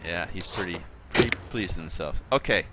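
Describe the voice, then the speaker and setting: A man's voice: sits low, brisk, noisy background. A man running a tabletop game as game master, talking casually and loosely with lots of fillers.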